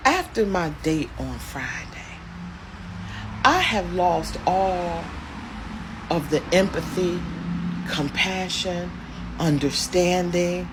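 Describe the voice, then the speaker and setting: A woman's voice: lowish voice, lively intonation, slow pace, long pauses, noisy background. A woman telling a dating story to camera in a blunt, sassy way, swearing freely.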